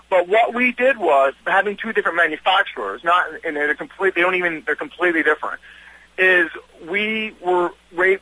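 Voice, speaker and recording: A man with a Southern US accent speaks in a husky voice that sits a little high. He sounds forceful and bright, and he talks eagerly. He rambles along, restarting his sentences and repeating words as he goes. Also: rough recording. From North Carolina. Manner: eager and talkative. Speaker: guest, swimwear designer and fitness trainer. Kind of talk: casual interview chat.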